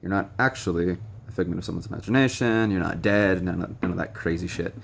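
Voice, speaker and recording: Low gravelly young man, rambling frankly. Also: fast talker, a little hiss or hum. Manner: frank and rambling, many ums, blunt swearing. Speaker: vlogger sharing recovery advice. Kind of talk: casual direct-to-camera monologue. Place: noisy room with stray tapping and beeping.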